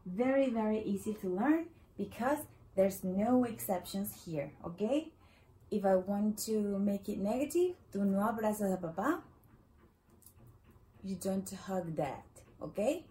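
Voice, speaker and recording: A woman with a Latin American Spanish accent gives a Spanish lesson. She speaks slowly and patiently, repeating each word so learners can follow. Her voice is warm and mellow. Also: medium pitch, expressive, poor audio. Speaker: Spanish teacher. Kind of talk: explaining a language lesson.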